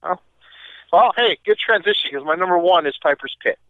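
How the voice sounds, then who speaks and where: High-voiced man over a tinny line. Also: lively intonation, dry recording. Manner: easygoing storyteller, quick comebacks. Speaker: podcast co-host. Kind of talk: casual chat.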